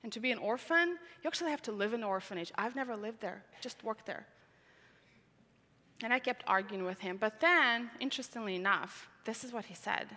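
A non-native English-speaking woman from Tajikistan tells her life story as a testimony, earnest and repeating key words for emphasis. Her voice is bright and a little high. The sound rings with the long reverb of a large hall. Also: expressive, a little fast. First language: not English. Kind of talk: personal testimony talk.

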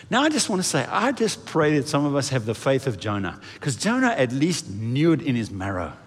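A man preaching a sermon in an animated way, swinging his pitch and volume as he acts out quoted voices. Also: quick pace, few pauses. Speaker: pastor. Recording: echoey hall reverb.

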